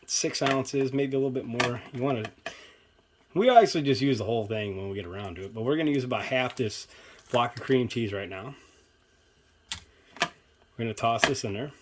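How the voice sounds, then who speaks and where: A man's voice: mid-range voice, moderate pace, pauses often, slight background noise. A man hosting a casual home cooking demonstration in his kitchen, rambling and chatty and poking fun at himself. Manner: rambling, chatty, self-mocking. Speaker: cooking video host.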